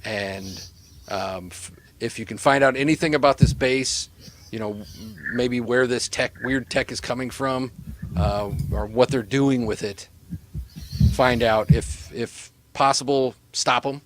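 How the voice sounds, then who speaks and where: A man's voice: mid-range voice, unhurried, a little hiss or hum. Rambling male game master. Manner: rambling, hesitant, full of fillers. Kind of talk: narrating a tabletop game.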